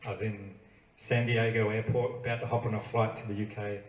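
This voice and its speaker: A man's voice: fairly low pitch, flat delivery, a little fast, highs cut off. Australian man telling a comic story in a roomy venue. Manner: rambling, self-amused anecdote with chuckles. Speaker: singer-songwriter telling a story between songs. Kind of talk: comic storytelling at a live gig. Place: small bookstore venue with an audience. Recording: roomy, distant live recording with faint ambience.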